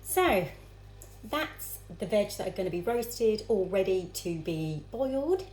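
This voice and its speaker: A woman's voice: mid-range voice, animated, a little slow, darkish tone, slight background noise. A woman vlogging as she cooks at home, chatting casually to herself and her viewers while she chops vegetables. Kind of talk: casual cooking vlog. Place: home kitchen. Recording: echoey kitchen with clattering pans.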